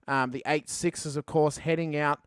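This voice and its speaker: A man calling a sim race as play-by-play commentator, rising to excited calls at the finish. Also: a little high, normal speed, clean tone, no echo, clean studio sound.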